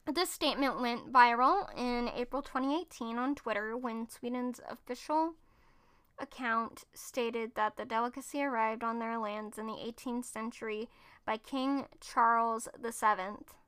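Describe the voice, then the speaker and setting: She speaks a little high and a little slowly, her tone somewhat bright, clear and resonant. As host, she reads food facts off her screen and chats about them, often stumbling and then correcting herself.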